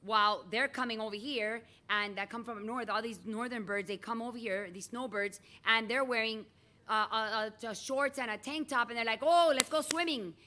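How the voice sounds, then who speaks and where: A middle-aged woman teacher giving a chatty, animated lecture in a classroom and calling on students by name. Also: a little high, moderate pace.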